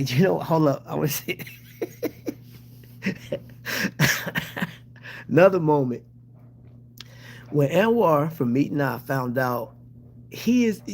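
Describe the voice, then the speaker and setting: A man's voice: medium pitch, creaky, a little mellow, a little hiss or hum. A man hosting a casual livestream who talks to his viewers in a heartfelt, grateful way and often stops and restarts his sentences. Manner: halting, with many restarts and fillers. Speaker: channel host.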